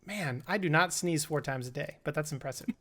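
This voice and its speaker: A young man with a bright, slightly high voice runs a lightning round of questions. He talks in a playful, laughing way. The talk is a casual chat between friends. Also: fairly quick. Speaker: podcast co-host.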